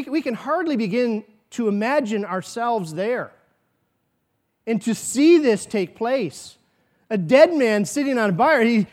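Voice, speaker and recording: A man preaching a sermon as pastor, earnest, with rhetorical questions and quoted asides. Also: sits high.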